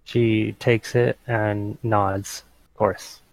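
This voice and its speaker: Slow gravelly-voiced man playing a tabletop game. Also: on the low side, level tone, no room sound, poor audio. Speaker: player.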